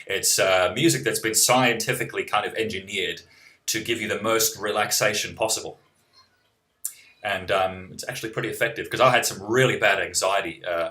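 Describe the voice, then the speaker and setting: Young man from New Zealand, low bright voice, casual wry streamer who rambles and restarts. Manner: rambling, self-interrupting, wry. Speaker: musician streaming live and reading chat. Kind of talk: casual live-stream chat.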